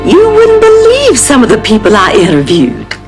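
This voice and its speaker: A woman's voice: a little high, wildly swooping pitch, normal speed, loud music behind the voice. An actress playing a flirtatious, vain middle-aged woman in a sitcom, with a coquettish, self-admiring delivery. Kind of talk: sitcom acting.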